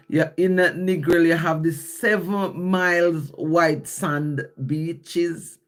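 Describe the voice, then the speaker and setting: A Jamaican man with a slightly high voice and a Jamaican accent chats casually on a phone live stream. He reads his poetry aloud, explaining lines and repeating them as he goes.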